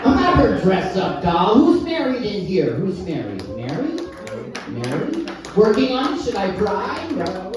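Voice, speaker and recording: A man's voice: high voice, huge pitch swings, unhurried, noisy background. Middle-aged man doing stand-up, wildly swooping voice. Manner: one-liners with crowd work. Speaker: stand-up comedian. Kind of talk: stand-up comedy set. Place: live comedy club. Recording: echoey room, mic heard from a distance.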